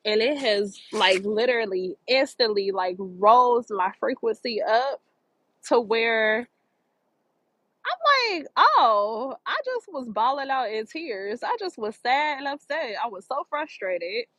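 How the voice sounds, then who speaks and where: A woman's voice: on the high side, expressive, slow pace, a bit bright, dry recording, poor audio. A woman talking outdoors by the water in a park, giving earnest spiritual encouragement and repeating phrases for emphasis. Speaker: motivational vlogger. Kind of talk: spiritual motivational talk.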